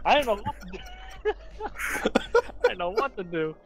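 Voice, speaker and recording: A man from the Carolinas with a mild Southern accent rambles casually as a podcast guest, telling exasperated stories and laughing often. His high, creaky voice swings hugely in pitch at normal speed, captured in dull lo-fi voice chat audio.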